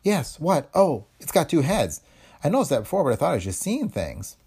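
Scared young woman, as a man puts her on, raised pitch, anxious, breathless, audiobook. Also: big pitch swings, a little fast, mellow, breathy edge, full character voice. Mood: startled. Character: young woman, frightened and plucky. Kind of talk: audiobook character voice.

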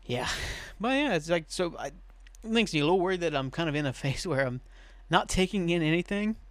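A man's voice: on the high side, animated, brisk, no echo. A young man hosting a podcast in casual, rambling chat, laughing often and swearing now and then. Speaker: podcast host.

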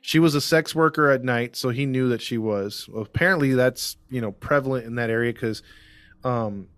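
A man of middle pitch tells a case in a loose, rambling way, full of fillers and restarts. His voice is recorded dry and close. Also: moderate pace, fairly bright tone, smooth, no echo. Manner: rambling, filler-heavy storytelling. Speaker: podcast host and case narrator. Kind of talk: casual true crime chat.

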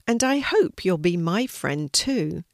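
A woman voicing a gentle young male dragon who speaks calmly and kindly. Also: lowish voice, slow pace, vocal fry, no room sound, clean studio sound, heavily acted. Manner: calm, kindly.

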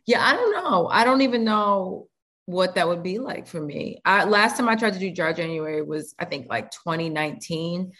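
A woman's voice: lowish voice, moderate pace. A young woman chatting casually with friends as a podcast co-host, chatty and playful. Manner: chatty, animated, playful asides. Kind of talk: casual chat among friends.

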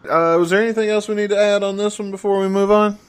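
A man's voice: high-pitched, steady tone, fast talker, smooth. Rambling man chatting on a podcast. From United States, the South. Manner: rambling, stumbles over words, laughs often. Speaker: podcast co-host. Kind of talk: casual podcast chat.

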